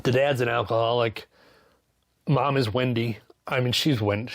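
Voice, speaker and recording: A man's voice: medium pitch, steady tone, normal speed, no room sound. A man giving a casual, sarcastic book review, swearing freely and tossing in mock-voiced asides. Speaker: book reviewer, channel host.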